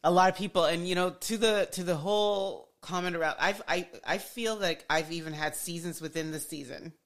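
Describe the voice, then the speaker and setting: A woman hosts a podcast interview in a low-pitched voice. She reflects on her own experience and affirms her guest warmly in her words, then moves the talk along. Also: a little fast. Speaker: podcast host.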